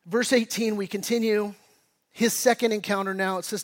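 A man's voice: high-pitched, normal speed. A middle-aged male pastor giving a conversational sermon, telling stories and acting out quotes, often restarting and repeating his words. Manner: conversational storytelling with lively acted-out quotes.

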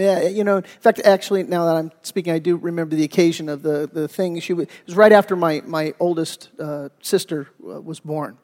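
Speaking briskly with few pauses, a middle-aged pastor with a fairly high voice tells stories to his congregation during a sermon. His relaxed, conversational delivery is peppered with fillers and frequent restarts, and the sanctuary gives his voice a long, ringing reverb.

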